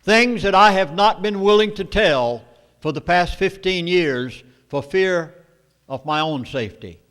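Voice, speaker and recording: A man with a Southern US accent lecturing an audience, emphatic and storytelling, with dramatic pauses. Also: sits high, expressive, fairly bright tone. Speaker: speaker at a meeting. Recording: long hall reverb.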